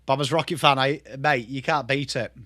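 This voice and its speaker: A man's voice: mid-range voice, steady tone, normal speed, pushed and bright, dry recording. An English man in his thirties, host of a casual live stream, chatting loosely and swearing as he answers viewers. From England. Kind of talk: casual live watchalong chat.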